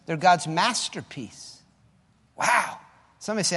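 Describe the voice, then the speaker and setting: Fervent male preacher, high voice, echoing sanctuary reverb. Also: expressive, normal speed. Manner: fervent, swings between shouting and soft asides. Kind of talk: sermon. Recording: echoey hall with long reverb.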